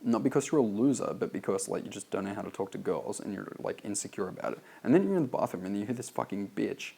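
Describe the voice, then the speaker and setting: An Australian man with a low, gravelly voice reads through his sales copy and picks it apart as he goes. His delivery is loose and offhand, peppered with "like" and the odd swear word. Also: lively intonation, fast, warm tone. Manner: loose and casual, heavy on "like", swears freely. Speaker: copywriter reviewing a sales letter. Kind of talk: reading aloud and critiquing his own copy.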